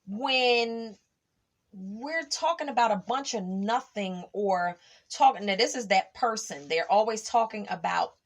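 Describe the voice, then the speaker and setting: A woman's voice: mid-range voice, measured pace. A middle-aged woman hosting a faith podcast, talking emphatically and acting out past conversations. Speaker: podcast host. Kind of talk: casual faith podcast monologue.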